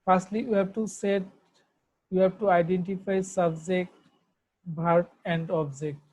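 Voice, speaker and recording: Slow, mellow Bangladeshi woman teaching English. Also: fairly low pitch, fairly even intonation, poor audio. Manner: slow, repeats and spells out words letter by letter. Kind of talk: online grammar lesson.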